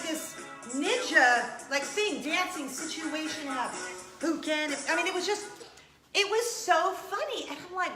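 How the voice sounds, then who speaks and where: A woman's voice: extremely high pitch, measured pace, echoey room, over music. A woman vlogger, chatting casually and playfully with her viewers. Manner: chatty and animated, with laughs and playful asides. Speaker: vlog host. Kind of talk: casual chat.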